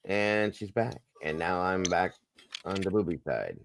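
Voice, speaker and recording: A man's voice: low voice, lively intonation, measured pace, gravelly, slight background noise. A man hosting a casual live stream, greeting viewers by name and plugging their channels in a jokey, upbeat way. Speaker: livestream host.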